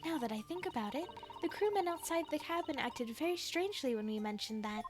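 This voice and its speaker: A woman's voice: high-pitched, lively intonation, a little fast, over music. A woman voicing a flustered young male lawyer who bluffs that he knows the answer, reading game dialogue aloud.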